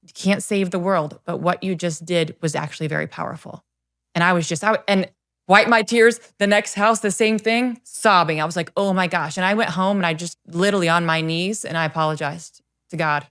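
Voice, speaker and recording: Middle-aged woman coach, lowish voice, tells stories all animated and earnest, does little voices for people she quotes. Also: a little fast. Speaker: guest, confidence coach. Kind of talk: podcast interview storytelling.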